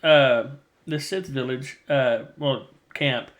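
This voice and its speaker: A man's voice: mid-range voice, takes it slowly, a bit bright. A man hosting a casual chat, rambling through a retelling of a novel's plot and acting out the characters' lines. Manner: rambling storyteller, acts out quoted lines. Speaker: podcast host.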